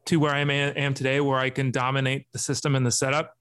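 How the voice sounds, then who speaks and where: A man's voice: medium pitch, little pitch movement, fast, a bit bright, clear, resonant tone. Hesitant man in his forties. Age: 40s. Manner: hesitant, filler-heavy. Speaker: podcast guest. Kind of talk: casual podcast chat.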